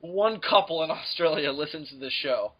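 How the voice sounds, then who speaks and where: Lively, crude young male podcast co-host. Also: fairly high pitch, normal speed, husky, muffled recording. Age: young adult. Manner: crude, jokey, teasing, laughs often. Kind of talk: casual comedy chat.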